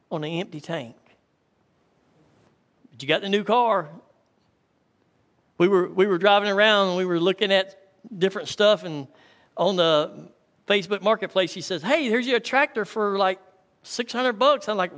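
A man's voice: sits high, unhurried, long pauses, fairly bright tone. A man, a pastor preaching a sermon in a folksy storytelling way and calling out to his congregation. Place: church hall. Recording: long church hall reverb.

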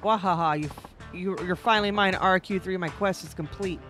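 A man's voice: high voice, brisk, sharp tone, soft background music. A man reading a video game line aloud as a boastful male street thug, with a theatrical evil laugh. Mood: gloating. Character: gloating male street thug, smug villain.

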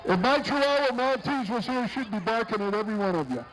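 A man's voice: high-pitched, expressive, fast, a bit bright, rough recording. A man announcing a street parade outdoors, joking and bantering with the people passing by. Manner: jokey, bantering with passing entrants. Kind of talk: live parade commentary.

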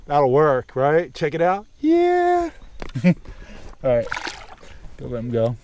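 A man filming himself bass fishing from a boat outdoors, cheering on every catch with casual commentary. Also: slow pace, slight background noise. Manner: excited, cheers on fish with stock phrases. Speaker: fishing vlogger.

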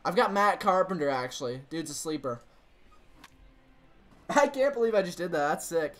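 High-voiced young man streaming a baseball game. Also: moderate pace. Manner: excitable, talks to the game and chat, frustrated outbursts. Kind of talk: live gameplay commentary.

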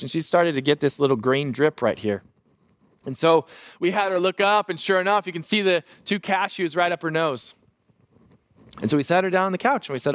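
A man in his thirties, a pastor preaching a sermon and telling a lively family story with self-deprecating humor. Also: high-pitched, normal speed, no echo, studio quality.

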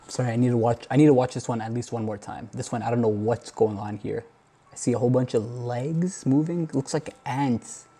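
Man, vlogger, nervous running commentary, husky, dark-toned voice, indoors at a computer. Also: mid-range voice, brisk. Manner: uneasy, nervous commentary with gasps and exclamations. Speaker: YouTuber. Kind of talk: reacting to found footage on camera.

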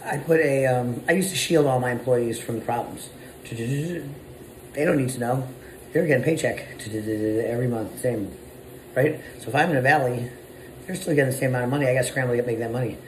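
A man of mid-range pitch talks like a business owner, blunt and profane, and keeps it conversational. His voice bounces around a roomy, echoing space with a faint hiss behind it. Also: brisk, a little mellow. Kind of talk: casual motivational monologue.

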